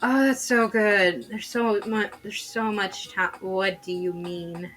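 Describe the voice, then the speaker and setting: Female streamer, casual drawing-stream chatter, slow rambly delivery, bright forward tone, swears freely, faint music bed. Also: mid-range voice, fairly even intonation. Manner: swearing, exclaiming, rambling asides; shrieks when shocked.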